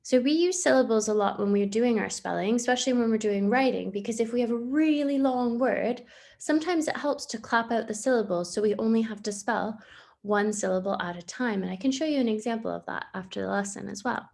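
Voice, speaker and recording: A young woman teaching a recorded spelling lesson to young children, cheerful, slow and clear, sounding out words. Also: on the high side, a little mellow. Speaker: primary school teacher.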